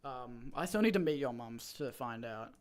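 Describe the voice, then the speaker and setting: Hosting a stream, a young man in his twenties meanders through a story in casual chat, stumbling over fillers and starting sentences again. He speaks at a normal speed in a smooth, expressive, medium-pitched voice.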